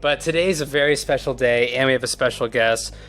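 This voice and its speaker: A man's voice: medium pitch, brisk, a bit bright, faint music behind. A man hosting a podcast in casual chat, jokey and rambling. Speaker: podcast host.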